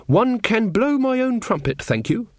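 A man voicing a prim, earnest young queen who speaks slowly and formally. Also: extremely high pitch, sing-song, dry recording, studio quality, pitched above the performer's own voice, full character voice. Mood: haughty.

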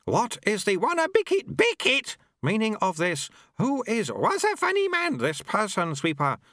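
A man voicing a small babbling toddler abbot who talks in high baby talk, in an audiobook. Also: wildly swooping pitch, moderate pace, a bit bright, no echo, studio quality, full character voice. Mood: babbling, serene. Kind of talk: audiobook character voice.

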